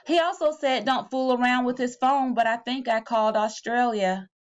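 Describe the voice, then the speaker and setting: A woman reading a children's picture book aloud as a teacher, with animated storytelling that drops low on the repeated refrains. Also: moderate pace.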